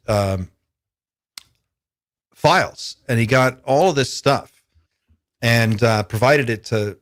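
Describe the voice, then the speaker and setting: A man's voice: fairly low pitch, no room sound, studio quality. A man hosting a podcast in casual chat, thinking aloud in a musing, speculative way. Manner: musing, speculative, many fillers. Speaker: podcast host.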